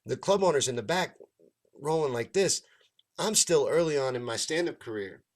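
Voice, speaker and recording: A man's voice: fairly high pitch, moderate pace. A man, a stand-up comedian, telling a long story in a casual rant, swearing freely and acting out the lines of the people in it. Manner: profane, animated, acts out others' lines. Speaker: stand-up comedian and show host.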